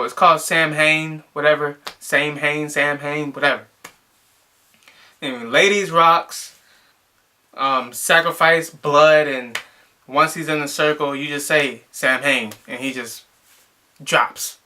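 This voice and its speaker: A man's voice: fairly high pitch, sharp tone. A young man casually reviewing a movie, rambling and exasperated, with lots of filler words.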